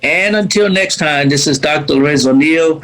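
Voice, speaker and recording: A man's voice: on the high side, normal speed, a bit bright, rough recording. Effusive male podcast host. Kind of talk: casual interview sign-off.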